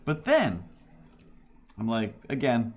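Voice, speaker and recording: A man chats casually on a livestream while drawing. His voice sits a little low and he takes his time. His story wanders, full of restarts and chuckles. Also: takes it slowly. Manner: rambling storytelling with frequent restarts and laughs. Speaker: livestreaming artist.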